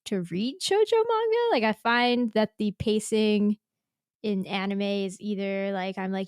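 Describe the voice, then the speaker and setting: A woman's voice: mid-range voice, unhurried, darkish tone, smooth, no room sound, clean studio sound. A woman hosting a podcast in casual chat. She laughs often and acts out quotes in exaggerated voices. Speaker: podcast host.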